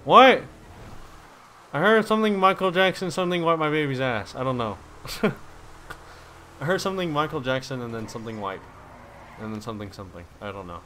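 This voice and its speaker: A young man giving casual gaming commentary, swearing freely, laughing and reacting loudly to the game. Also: mid-range voice, sing-song, quick pace, slight background noise. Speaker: gameplay commentator.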